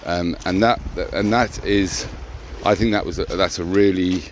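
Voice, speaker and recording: Deep-voiced male co-host, halting and repetitive, faint background noise. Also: steady tone. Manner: hesitant, repeats words and restarts often. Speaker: co-host of a personal growth talk. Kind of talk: reflective casual conversation.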